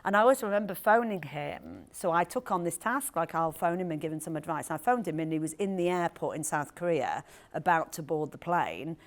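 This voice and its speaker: A woman author in conversation at a live event, telling an anecdote in a lively, animated way with quick asides. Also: deep voice. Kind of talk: storytelling talk at a live event. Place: event hall with audience.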